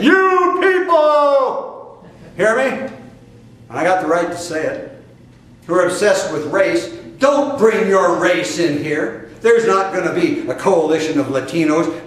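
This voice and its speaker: An older man with a Midwestern American accent preaching a sermon to a congregation, emphatic and fiery, with sudden loud bursts and drawn-out stresses. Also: a little high. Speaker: spiritual teacher. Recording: echoey distant room recording with faint noise.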